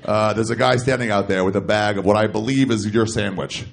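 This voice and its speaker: A man's voice: fairly low pitch, fairly quick, creaky. A man in his thirties telling a stand-up story on a club stage into a handheld mic, acting out both sides of phone calls in raised voices. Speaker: stand-up comedian.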